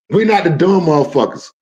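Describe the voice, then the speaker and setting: A man's voice: a little high, highs cut off. Brash, profane male streamer. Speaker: livestream host. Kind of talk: live stream rant.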